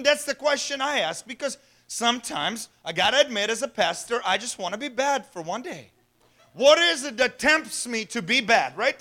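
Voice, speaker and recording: Bright, high-voiced pastor preaching. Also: male voice. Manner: conversational preaching with rhetorical questions and chuckles. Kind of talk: sermon.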